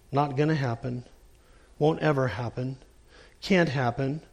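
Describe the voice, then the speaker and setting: A male pastor preaching a sermon, emphatic, dropping to quiet low lines for emphasis before a communion prayer. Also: measured pace, vocal fry, pauses often.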